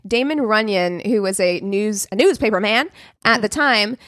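A woman's voice: medium pitch, moderate pace, fairly bright tone, no echo, clean studio sound. Laughing woman retelling a true crime case. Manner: laughs often, swears, slips into mocking voices. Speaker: podcast co-host telling a true crime story. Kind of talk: casual storytelling chat.

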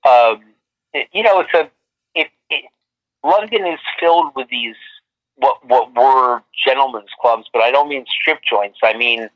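A man's voice: medium pitch, a little slow. Rambling man with a muffled voice. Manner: rambling, many restarts and fillers. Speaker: photographer guest. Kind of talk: casual storytelling interview. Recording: muffled lo-fi line.

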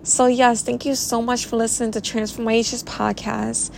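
A woman's voice: on the high side, little pitch movement, moderate pace, creaky, darkish tone, a little hiss or hum. Earnest woman sharing faith testimony. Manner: earnest, emotional, reflective. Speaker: podcast host.

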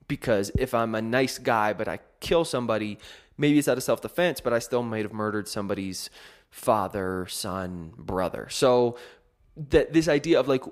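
Rambling casual male podcaster. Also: on the low side. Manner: rambling, self-deprecating storytelling with many fillers. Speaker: podcast host. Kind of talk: casual solo podcast monologue.

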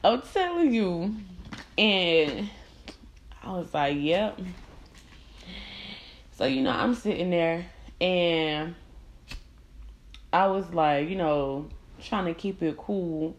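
Her voice lowish, a young adult woman speaks slowly with frequent pauses on her own podcast. She spins candid, profane stories in a casual monologue and animatedly performs the voices of those she quotes.

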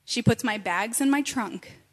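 A woman in her thirties telling a personal story in an animated, conversational way, with many asides. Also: fairly high pitch, unhurried. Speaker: speaker sharing a personal testimony. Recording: long reverb from a hall.

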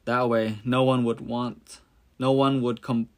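A man reads a Bible story aloud at an ordinary mid pitch. His delivery is plain and steady, and he only lightly shades the quoted characters. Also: unhurried.

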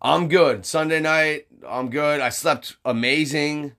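A man's voice: on the high side, slow, a bit bright. A young man chatting casually on a podcast, rambling with lots of fillers, restarts and swearing. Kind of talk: casual storytelling chat.

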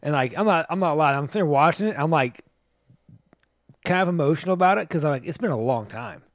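A podcast co-host tells stories in casual chat, animatedly acting out what people said. His voice is fairly high and fast, captured in clean studio sound with no echo.

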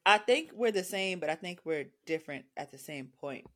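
A woman co-hosting a podcast in casual chat, animated and acting out the things people say. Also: fairly low pitch, fairly quick. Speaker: podcast co-host.

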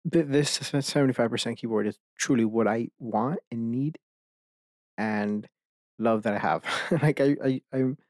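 A man's voice: mid-range voice, measured pace, darkish tone, dry recording. A man hosting a casual solo podcast from his desk at home, talking into a desk microphone, rambling, swearing a lot and laughing mid-sentence. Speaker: podcast host.

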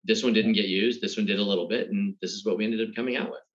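A man's voice: fairly low pitch, fairly even intonation, rapid-fire, lo-fi sound. A man who is a guest entrepreneur, talking reflectively in a casual interview with many restarts.

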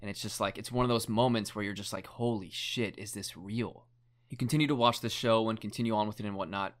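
A man's voice: fairly low pitch, fairly even intonation, very fast. A young man in casual chat, retelling a documentary story in a rambling way, full of "like" and casual swearing.

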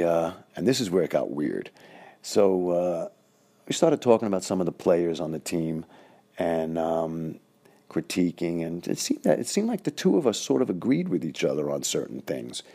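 A man tells an old story in a loose, rambling way, often stopping to correct himself. His voice sits very low and has a rough, gravelly fry. He sounds casual and unhurried. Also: a little mellow. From Queens, New York.

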